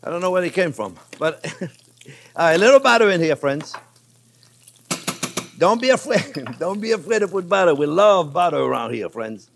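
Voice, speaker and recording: A man's voice: moderate pace, gravelly, long pauses, a little hiss or hum. An older man hosting a cooking show, chatting to viewers as friends while he cooks, easygoing and reassuring. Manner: lively pitch swings, laughs at his own slips. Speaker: cooking show host and chef. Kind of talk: casual cooking demonstration.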